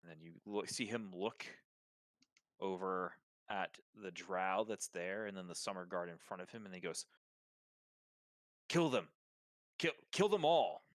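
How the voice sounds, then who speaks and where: A man's voice: sits low, fairly even intonation, moderate pace, fairly bright tone, dry recording. A man narrating as game master of a tabletop game, describing scenes with fillers and restarts.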